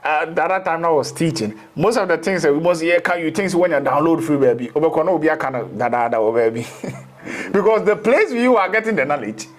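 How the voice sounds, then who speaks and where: A man's voice: fairly high pitch, animated, fast. A man, a spiritual teacher in a casual interview, rambling through explanations and slipping into local phrases.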